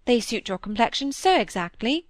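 A woman reading the part of a fussy, vain middle-aged Victorian stepmother, fretful and a little higher in pitch. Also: sing-song, moderate pace, no echo, studio quality. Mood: gushing. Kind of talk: audiobook character reading.

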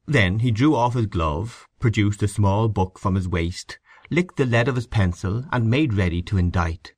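A man giving a measured, expressive reading of a short story as its narrator. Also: fairly low pitch, no echo. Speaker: audiobook narrator.

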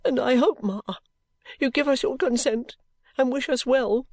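A woman voicing a tearful, emotional young woman who pleads in a high voice. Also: unhurried, darkish tone, dry recording. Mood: tearful pleading.

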